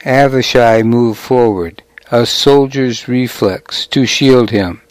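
A man narrating a story in a measured, deliberate reading style. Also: mid-range voice, a little mellow, smooth, dry recording, low-quality recording.

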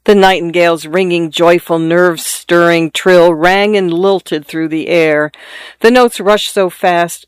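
A narrator reading a classic story aloud in a measured, descriptive way. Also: medium pitch, clean tone, dry recording. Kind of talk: scripted audiobook narration.

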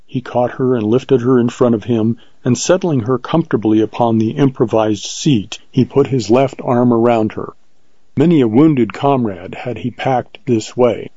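Man, audiobook narration, steady, mellow, dull lo-fi sound. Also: medium pitch, moderate pace, breathy edge, no echo. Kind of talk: scripted narration.

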